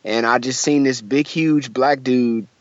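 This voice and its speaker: A man's voice: medium pitch, fairly even intonation, a little slow, dry recording, lo-fi sound. A young man from Michigan, a musician guest, telling a story in a casual interview, acting out the voices of the people in it and using lots of fillers. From Michigan, USA.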